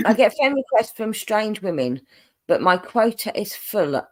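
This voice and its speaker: A woman's voice: medium pitch, sing-song, unhurried. Chatty woman hosting a stream. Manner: chatty, giggly, reads out viewer comments. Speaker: live stream co-host. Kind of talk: casual live stream chat.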